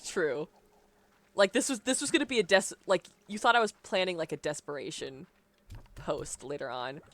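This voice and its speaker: Chatty young woman streamer, lively pitch. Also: normal speed, no echo. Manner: chatty, rambling, laughs often. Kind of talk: casual live-stream chat while gaming.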